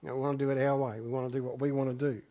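A man's voice: mid-range voice, little pitch movement, rapid-fire, mellow. A man preaching a sermon, reading scripture aloud and then reflecting on it in an earnest way, often repeating his phrases for emphasis. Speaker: pastor.

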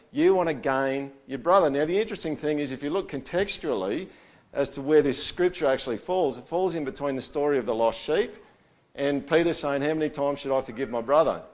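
Casual male pastor, middle-aged, preaches like a chat, punchy emphasis then drops low. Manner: conversational, keeps asking "all right?", voice swings loud and soft. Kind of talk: sermon.

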